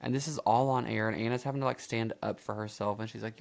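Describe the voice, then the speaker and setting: Gravelly man rambling through a reaction video. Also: on the low side, fairly even intonation, fast, hardly any pauses. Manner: rambling, with lots of fillers and self-corrections. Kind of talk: casual reaction commentary.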